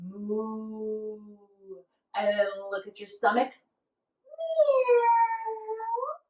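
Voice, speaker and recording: Slow, gentle woman teaching kids yoga. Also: sits high, echoey room, recorded from a distance, muffled recording. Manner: slow, gentle, encouraging instructions with playful animal noises. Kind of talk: guided yoga class for children.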